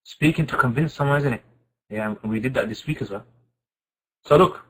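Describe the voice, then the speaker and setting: A man teaching an informal Quran class, asking his students questions and reciting Arabic verses quickly. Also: mid-range voice, slightly rough, rough recording. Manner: lively, asks the class questions and answers them.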